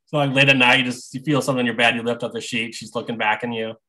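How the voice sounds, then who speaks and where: A man speaks as a guest on a casual podcast. His tone is bright and forward, and he laughs often while he talks. He stays relaxed throughout. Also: mid-range voice, very fast, rough recording.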